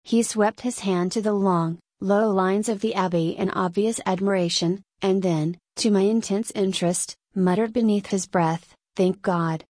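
A woman reading a story aloud in a measured, unhurried scripted narration. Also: medium pitch, fairly even intonation, darkish tone, no room sound, studio quality. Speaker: audiobook reader.

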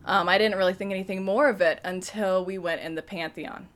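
A woman's voice: mid-range voice, fairly even intonation, a little fast, fairly bright tone. A young woman hosting a podcast, telling a personal story in a chatty, emotional way with many fillers. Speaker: podcast host. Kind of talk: casual storytelling monologue.

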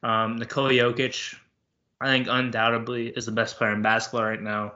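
A man's voice: medium pitch, little pitch movement, normal speed, bright, forceful tone. A young man hosting a sports podcast, chatting casually and rambling with lots of fillers. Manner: loose and rambling, many fillers. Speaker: podcast host. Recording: dull lo-fi podcast audio.

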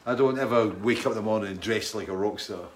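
A middle-aged man from Britain hosts a casual live stream. He rambles and restarts his sentences, greeting viewers warmly by name. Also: fairly low pitch, quick pace. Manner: rambling, friendly, reads out viewer names. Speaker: livestream host.

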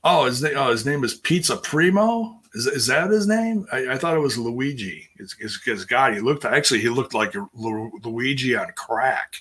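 A man with a husky, bright-edged voice talks through a wrestling recap in a loose, rambling way. He restarts his sentences often and jumps up in pitch when he acts out what people said. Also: normal speed, hardly any pauses. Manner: rambling and self-interrupting, acts out quotes in a higher voice. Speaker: wrestling show recap host. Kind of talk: casual wrestling recap chat.

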